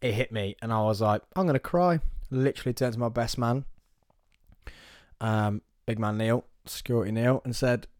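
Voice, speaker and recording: A young man talking alone to camera in a small studio, telling stories in a chatty, animated way. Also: fairly low pitch, normal speed, no echo. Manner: chatty and animated, playful storyteller. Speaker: podcast host. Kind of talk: casual solo vlog to camera.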